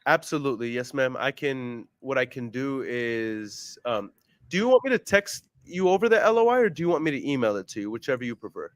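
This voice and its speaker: A man's voice: medium pitch, expressive, a little fast, dry recording. Upbeat, polite male host; jokey and friendly, dry close mic. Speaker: real estate investor and vlog host. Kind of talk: casual phone call and chat.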